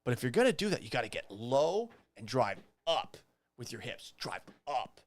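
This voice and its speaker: Very animated and speaking at a normal pace, this young podcast host reads things out and tears into them, incredulous, sarcastic and swearing freely. When he's exasperated his voice shoots upward. The casual commentary is recorded dry.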